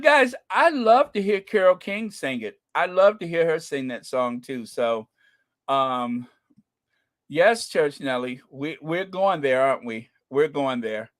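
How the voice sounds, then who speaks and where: A man hosts a laid-back live stream, gushing excitedly as he talks with viewers and reads their comments. His voice is a little high, his nose is runny, and he clears his throat often.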